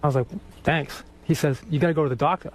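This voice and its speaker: Brief: high, quick-talking man from Boston, animated storyteller, swears and laughs through his anecdotes. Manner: animated, swearing, laughs while telling stories. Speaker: guest musician. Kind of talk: casual storytelling on radio.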